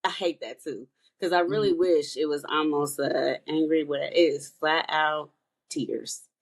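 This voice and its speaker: A woman in a relaxed group conversation, with a slightly low voice. She talks openly, laughs often, and acts out the conversations she describes. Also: unhurried. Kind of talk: casual group chat.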